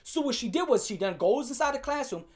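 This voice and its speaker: A man's voice: very high-pitched, lively intonation, fast talker. A young man rants through a storytime video, swearing freely and dropping slang as he goes. He talks straight to his viewers and circles back over the same points, building up heat as he retells it. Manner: profane, slangy, heated ranting. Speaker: YouTuber telling a story. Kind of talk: storytime rant.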